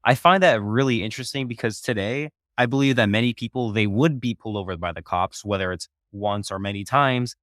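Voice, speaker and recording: A man hosting an interview speaks in a low, dry voice with no room echo. He sums up what his guest said in an earnest, appreciative way, giving his own thoughts between the guest's answers. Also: brisk, few pauses, fairly bright tone. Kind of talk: interview questions and reflections.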